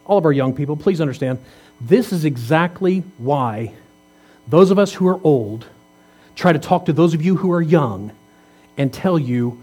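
Fifty-something pastor, conversational sermon. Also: male voice, a little high, expressive, moderate pace, darkish tone, slightly rough. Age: 50s. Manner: conversational, asks many rhetorical questions; jokes and teases the congregation.

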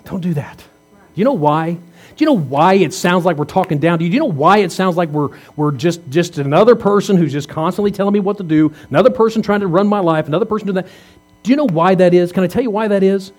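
A pastor in his fifties talks fast in a high-pitched, slightly mellow voice. He treats his sermon like a conversation, asking rhetorical questions while joking and teasing his listeners.

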